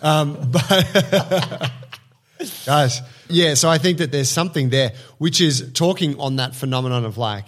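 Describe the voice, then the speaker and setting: Animated man hosting a podcast. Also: a little high, a little slow. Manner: animated, acts out quotes, swears. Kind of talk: casual chat.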